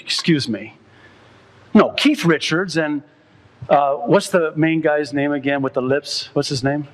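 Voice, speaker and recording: A male pastor preaching a sermon, reading quotes aloud and working himself up to high, loud, impassioned peaks. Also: unhurried.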